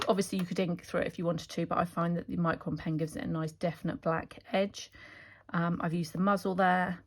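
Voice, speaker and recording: A woman chatting enthusiastically as she shows off her craft stamp designs, with fillers and restarts. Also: on the low side. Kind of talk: casual product walkthrough.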